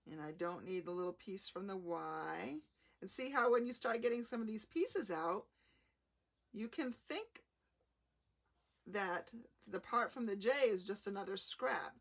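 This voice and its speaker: A woman hosting a live card-making demonstration, explaining each step in a chatty, unhurried way. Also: medium pitch, animated. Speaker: craft demonstrator.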